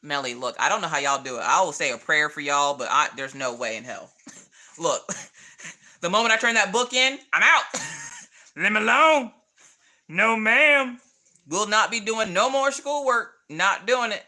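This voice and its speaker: A woman's voice: lowish voice, expressive, normal speed, bright, forceful tone. Sassy Southern woman chatting on stream. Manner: chatty, sassy, laughs often, jokey asides. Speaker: craft livestream host. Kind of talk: casual chat while coloring.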